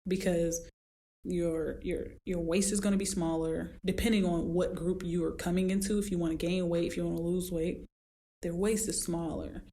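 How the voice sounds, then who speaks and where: A woman hosting a solo podcast as a fitness trainer, talking casually and acting out her clients in high squeaky voices as she tells stories. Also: moderate pace. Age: adult with a daughter. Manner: animated storytelling, acts out clients in high voices.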